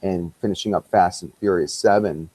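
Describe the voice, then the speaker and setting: A man's voice: sits low, steady tone, normal speed, a little mellow, husky, poor audio. A middle-aged man telling a story in a casual interview, acting out quoted dialogue and laughing often. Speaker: podcast guest, visual effects artist.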